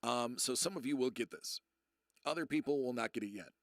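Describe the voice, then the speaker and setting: A man in his thirties rambling through a personal story to his live chat, often restarting and quoting people in a lowered voice. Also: a little fast, creaky, dry recording, clean studio sound. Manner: rambling, self-interrupting, acts out quotes in a low voice. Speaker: streamer.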